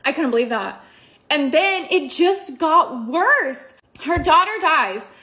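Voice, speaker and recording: A high-pitched young woman chats through a book review with a bright, ringing voice. She gushes emotionally and swears casually, like a friend recounting a novel she loved. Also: expressive, takes it slowly.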